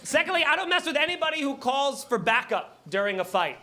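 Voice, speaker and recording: Stand-up comic, man, very high voice, brash and profane, in a small club over a laughing crowd. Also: fairly quick. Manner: brash, profane, animated storytelling with acted-out asides. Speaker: stand-up comedian. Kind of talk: stand-up comedy set with crowd work. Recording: live club audience laughing.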